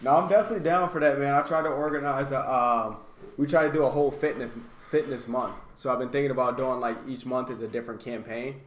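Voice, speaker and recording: A man in a casual talk-show chat, relaxed and agreeable, often answering with short affirmations. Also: mid-range voice, quick pace, a little hiss or hum. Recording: echoey room.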